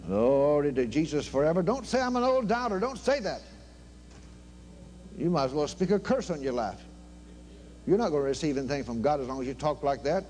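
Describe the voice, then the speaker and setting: An older man preaching a sermon in a fervent, folksy manner, swinging between loud exclamations and low murmured prayer. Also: lively intonation, brisk, long pauses. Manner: folksy, with plain everyday grammar. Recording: faint hum behind the voice.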